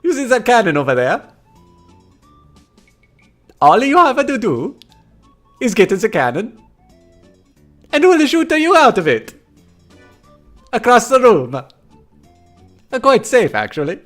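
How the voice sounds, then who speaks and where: Guy doing squabbling circus acrobat brothers from a game, cheesy fake italian accent, high and swoopy, showman hype. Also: huge pitch swings, slow pace, pauses often, fairly bright tone, soft background music, heavily acted. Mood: showman pitch. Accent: put-on Italian. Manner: showman patter, hammy and quarrelsome. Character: two bickering male circus acrobat brothers, showy. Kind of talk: reading game dialogue aloud in character.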